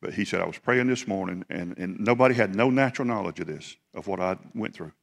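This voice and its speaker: A man's voice: low voice, fast talker, vocal fry. Folksy preacher man, echoing hall. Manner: folksy, animated, laughs often, rambling. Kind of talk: sermon storytelling. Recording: long hall reverb.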